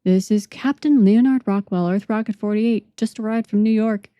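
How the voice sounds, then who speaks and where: Curt male rocket captain, businesslike, mellow voice, dry sound, voiced by a woman. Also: mid-range voice, normal speed, no echo, lo-fi sound, close to an everyday voice. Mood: brisk.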